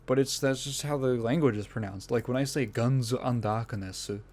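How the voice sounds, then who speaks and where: Talking fast in a mid-range, slightly mellow voice, a man hosts a gaming podcast by himself. His delivery is casual and rambling, profane, and often interrupted by his own laughter mid-sentence.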